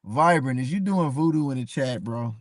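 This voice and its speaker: A man's voice: medium pitch, animated, normal speed. A man hosting a casual live stream, chatting straight to his viewers and calling them by name. He talks with passion and repeats himself as he goes. The sound is close and dry, with no room echo.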